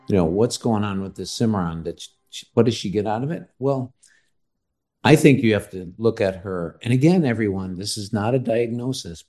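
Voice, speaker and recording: A man talking as a doctor on a casual podcast, measured and earnest, pressing hard on key words. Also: lowish voice, warm tone.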